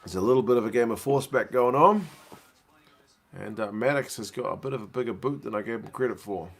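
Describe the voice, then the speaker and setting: A man's voice: medium pitch, brisk, gravelly. A man hosting a casual live watch-along from his living room, chatting and answering viewers' questions. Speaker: livestream host.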